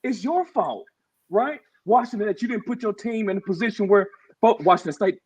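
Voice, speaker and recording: A man's voice: sits high, expressive, a little fast, breathy edge. A man co-hosting a podcast, delivering a heated, emphatic sports-talk rant and calling the others "bro". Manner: fired up, emphatic, says bro and y'all often. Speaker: podcast co-host. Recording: dull lo-fi audio.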